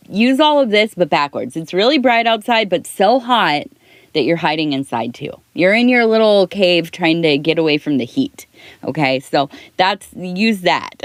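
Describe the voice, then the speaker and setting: A middle-aged woman giving a soft-spoken ASMR tea leaf reading, rambling and talking in circles, close to the mic. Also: on the low side, no echo. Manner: rambling, talks in circles with restarts.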